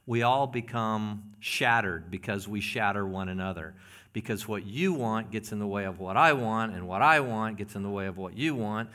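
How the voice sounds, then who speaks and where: A man preaching a sermon as pastor, earnest and often hushed, building into emphatic passages. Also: on the low side, moderate pace.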